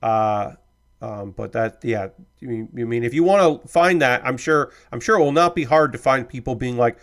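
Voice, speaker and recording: A man's voice: mid-range voice, normal speed. A man hosting a live stream in casual chat, rambling and hedging, easygoing and apologetic, swearing now and then. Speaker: streamer host.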